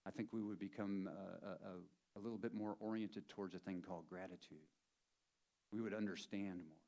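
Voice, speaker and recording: A man's voice: low-pitched, steady tone, moderate pace, mellow. A man preaching a sermon as a pastor in a church, conversational and playful, driving points home by repeating them. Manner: conversational and playful, with emphatic repetition.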